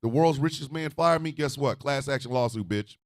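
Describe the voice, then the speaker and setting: A man hosting a radio show, ranting in a profane, fiery way and often shouting. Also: mid-range voice, normal speed, no echo, clean studio sound.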